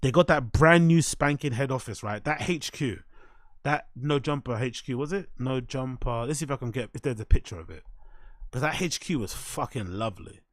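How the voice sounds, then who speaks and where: A British man hosting a show, giving casual reaction commentary in an animated, slangy way with constant swearing. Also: mid-range voice, moderate pace, no room sound, studio quality. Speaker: host.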